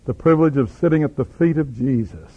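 A man preaches a sermon in a husky, mid-range voice, speaking briskly with lively intonation. He tells stories dramatically, acting out the people in them, and the recording is dull and lo-fi.

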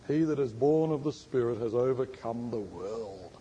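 A man's voice: mid-range voice, normal speed, hardly any pauses, mellow, slightly rough. A man preaching a sermon and teaching, quizzing his listeners and stressing words emphatically. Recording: long hall reverb.

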